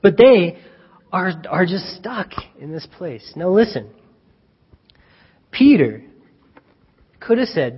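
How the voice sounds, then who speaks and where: A man with a high, husky voice preaches a lively storytelling sermon, slipping into the voices of the people he describes. The sound is dull and lo-fi, with a long echo from a church hall. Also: slow, pauses often. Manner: animated, acts out scenes, chuckles at own jokes. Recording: dull reverberant hall recording.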